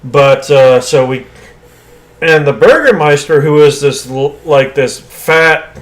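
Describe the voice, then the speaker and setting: A man co-hosting a podcast, chatting casually and opinionatedly about an old movie, swearing freely. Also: on the high side. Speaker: podcast co-host.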